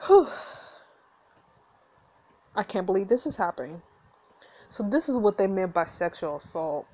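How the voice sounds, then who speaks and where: A woman hosting a story game playthrough, reading the text aloud and reacting with animated, outraged asides. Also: mid-range voice, a little fast. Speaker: gameplay host.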